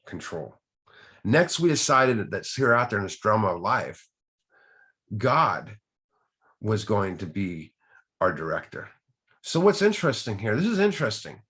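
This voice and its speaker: Earnest study-group leader, man, husky and low, likes rhetorical questions. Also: big pitch swings, moderate pace, pauses often, a bit bright. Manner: earnest, rhetorical questions, repeats key words. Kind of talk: informal teaching on a recovery text.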